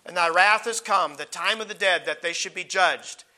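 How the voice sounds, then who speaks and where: A man preaching a Bible teaching sermon, reading scripture slowly with emphasis and stumbling through asides, his voice going hoarse as he clears his throat. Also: sits high, sharp tone.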